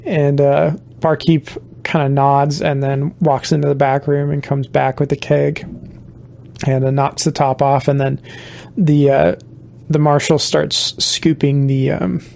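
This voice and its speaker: A game master narrates a tabletop western at an unhurried, halting pace, full of fillers and restarts. The voice is gravelly and mid-pitched. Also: little pitch movement, darkish tone.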